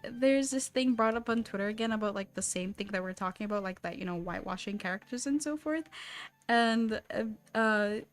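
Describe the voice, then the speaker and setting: Chatty, slightly high young woman streamer. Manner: rambling and animated, heavy use of "like". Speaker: streamer and artist. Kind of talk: casual live-stream chat while drawing.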